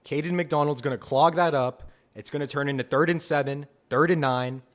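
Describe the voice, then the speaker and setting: Young dude hosting a live fan stream, hyped and chatty, says stuff twice. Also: male voice, fairly high pitch, a little fast. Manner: excited, enthusiastic, repeats himself. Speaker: podcast host. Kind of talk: live fan reaction commentary.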